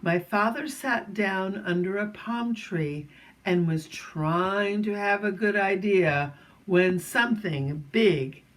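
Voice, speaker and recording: A woman reading a children's chapter book aloud at an unhurried, leisurely pace. Her delivery is gentle, with friendly asides to young listeners, in a voice of ordinary middle pitch. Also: low-quality recording.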